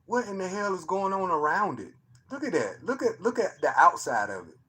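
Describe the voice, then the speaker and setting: A man, excitedly commenting on his own phone footage for a live chat, repeating himself and tossing slang asides. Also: high-pitched, brisk, slightly rough. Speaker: streamer showing his own sky footage. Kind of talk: casual live-stream commentary.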